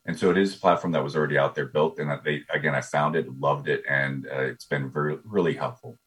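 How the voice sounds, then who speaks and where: A very deep, slightly bright-voiced man speaks quickly with fairly even intonation as a business coach guest in a casual interview, sounding eager and often repeating his first words when starting a thought.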